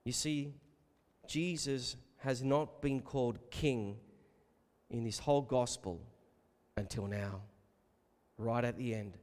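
A man preaching a sermon, emphatic and rhetorical, calling his listeners beloved and building to loud repeated questions. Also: medium pitch, takes it slowly, pauses often. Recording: long reverb of a large hall.

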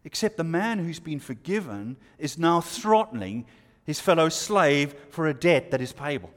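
A man's voice: fairly high pitch, very animated. A man preaching a sermon, explaining scripture verse by verse and asking the listeners rhetorical questions. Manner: expository, rhetorical questions, pauses. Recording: long reverb of a hall.

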